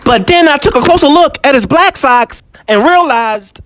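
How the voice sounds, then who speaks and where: Man, stand-up puppet comic, high voice, lively pitch, noisy room with crowd. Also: moderate pace. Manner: laughs at own jokes, puts on voices. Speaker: comedian.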